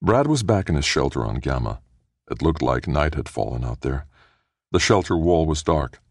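A man narrating an audiobook in a steady, measured storytelling manner. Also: extremely low pitch, creaky, no echo, clean studio sound. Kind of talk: scripted narration.

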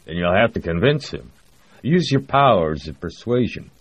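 A man doing a gravelly South Texas bureaucrat. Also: on the low side, big pitch swings, moderate pace, no room sound, pitched above the performer's own voice, heavily acted. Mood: grumpy. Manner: folksy, blunt, drawling. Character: gruff middle-aged American project director, ex-Texan. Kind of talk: audiobook character voice. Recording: dry, slightly muffled audio.

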